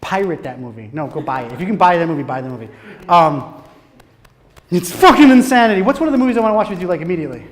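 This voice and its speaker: A man telling stories at a casual conference talk on filmmaking, animated, swearing freely and laughing as he goes. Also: sits high, fast talker. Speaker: guest speaker on filmmaking. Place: conference room. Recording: reverberant hall.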